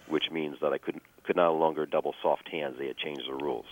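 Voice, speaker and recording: A man telling a personal story as a guest, measured and full of fillers and restarts. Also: very deep voice, steady tone, no echo, phone-quality sound.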